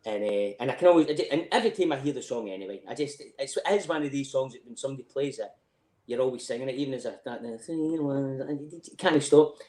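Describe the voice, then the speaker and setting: A middle-aged Scottish man, guesting on a podcast, tells rambling, sweary stories in casual chat, often asking "do you know what I mean". His mid-range voice is animated, very fast and a little mellow, and the rough recording has an echoey room.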